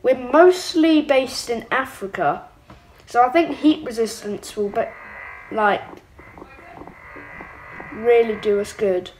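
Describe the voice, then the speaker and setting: Slow-talking excitable young woman. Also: fairly high pitch, slight background noise, low-quality recording. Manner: excitable, giggly, mock-evil asides. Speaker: gaming channel host. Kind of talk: let's-play game commentary. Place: home room.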